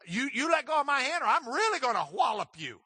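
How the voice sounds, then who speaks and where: Brash folk-tale rabbit, hot-tempered and threatening, bright and pushy; a man voices him in a dry room. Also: very high-pitched, big pitch swings, fast, no echo, pitched above the performer's own voice, full character voice. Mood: angry. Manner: bossy, threatening.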